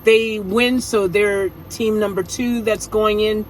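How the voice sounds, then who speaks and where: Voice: medium pitch, fairly even intonation, takes it slowly, slight background noise, low-quality recording. A wrestling show recapper chatting casually through a rundown, slangy and rambling, with jokey asides.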